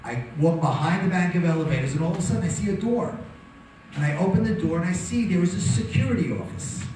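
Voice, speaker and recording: A man's voice: high-pitched, fast, darkish tone, slight background noise. A man, telling a dramatic survival story to an audience as a guest speaker. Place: hall with audience. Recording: very echoey hall from far off.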